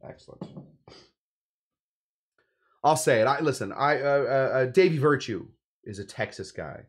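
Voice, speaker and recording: A male cocktail host from California chats through a casual drink demo at a medium pitch. He rambles and jokes, dropping playful asides as he goes. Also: animated, a little slow, slightly rough.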